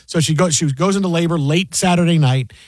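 High-voiced man telling a story on air. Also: fairly quick, no echo. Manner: animated storytelling, acts out quoted voices. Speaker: sports radio host. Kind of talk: casual sports talk.

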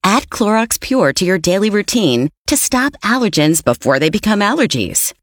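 A woman reading a product ad in an even, informative way. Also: medium pitch, moderate pace, no room sound, clean studio sound. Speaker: ad announcer. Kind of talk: calm scripted ad read.

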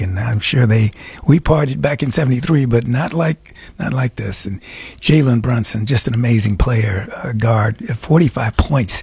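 An older man hosting a radio show with a raspy voice, talking casually and rambling with chuckles and fillers. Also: medium pitch, fairly even intonation, normal speed, darkish tone, no echo. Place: radio studio.

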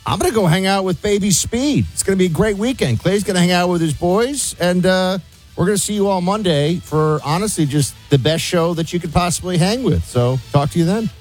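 Playful radio host guy, lively and a bit husky, music faintly under. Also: high voice, brisk. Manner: playful, animated. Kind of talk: radio talk.

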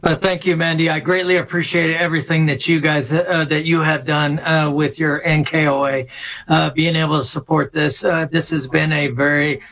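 A middle-aged man speaking as a veterans service officer on a radio interview, halting and full of fillers. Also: on the high side, little pitch movement, gravelly, fairly bright tone, low-quality recording. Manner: halting, many fillers and restarts.

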